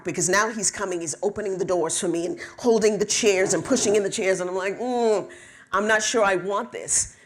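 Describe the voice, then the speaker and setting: A middle-aged woman tells a personal story to a live audience. She is lively and humorous, and she slips into different voices for the people she quotes. Her pitch is mid-range for a woman. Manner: lively, animated, quotes people in voices, laughs at own jokes. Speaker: storyteller on stage.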